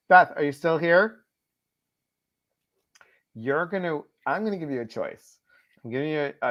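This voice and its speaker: Chatty man hosting a live stream. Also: medium pitch. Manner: chatty, reads viewer comments aloud. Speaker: host. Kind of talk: casual live-stream chat. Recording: slightly dull lo-fi stream audio.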